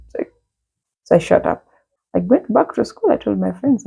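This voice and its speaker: A young woman casually telling a lively personal story from her school days, laughing and acting out what people said. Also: lowish voice, normal speed, gravelly, long pauses, breathy edge, muffled recording. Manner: lively, laughing, acts out quotes.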